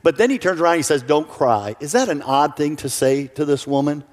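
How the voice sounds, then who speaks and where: A man's voice: on the high side, brisk. A male pastor giving an earnest sermon who often repeats his first words when starting a sentence. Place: church sanctuary. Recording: church hall reverb.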